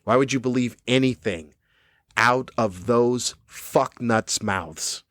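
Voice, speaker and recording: A man's voice: medium pitch, takes it slowly, a bit bright, dry recording. A man hosting his own podcast, a cranky comedian ranting angrily and swearing often. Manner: angry, profane, cranky. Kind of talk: ranting monologue. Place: cruise ship room.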